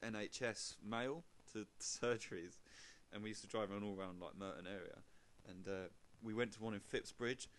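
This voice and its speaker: A man's voice: fairly low pitch, fairly even intonation, normal speed, hardly any pauses. A man, a podcast co-host, telling rambling anecdotes full of fillers in casual chat.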